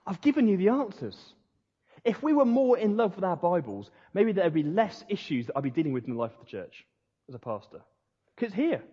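A man's voice: high voice, darkish tone, breathy edge. A man preaching as a Baptist pastor, earnest and conversational. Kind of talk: sermon. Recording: dull lo-fi sound in a reverberant hall.

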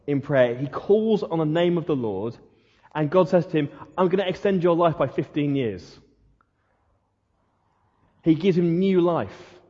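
A man's voice: a little high, mellow, slightly rough. Male pastor, earnest sermon, repeats his questions; muffled church hall recording. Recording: muffled sound with long hall reverb.

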